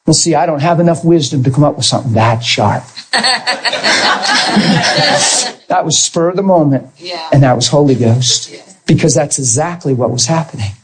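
A man preaching a sermon as pastor, animated, moving between soft asides and high, straining peaks. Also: moderate pace, long pauses, noisy background.

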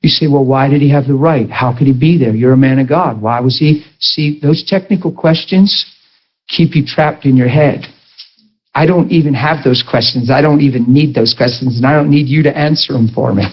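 A man with a medium-pitched voice speaks at a moderate pace, delivering a sermon testimony. He tells a story and acts out the dialogue, hitting emphatic rising peaks, and the recording has a dull, lo-fi sound.

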